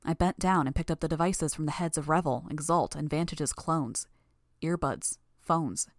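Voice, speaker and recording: A woman's voice: sits low, moderate pace, no echo, studio quality. A woman narrating a fan audiobook in the first person, tense and intense. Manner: tense, intense, building anger.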